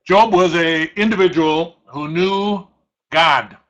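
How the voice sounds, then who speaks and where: Middle-aged guy preaching, kinda high voice, punchy and bright, drags out the bible verses for effect. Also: muffled recording. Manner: emphatic, slows to stress scripture, throat-clearing. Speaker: pastor. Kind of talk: sermon.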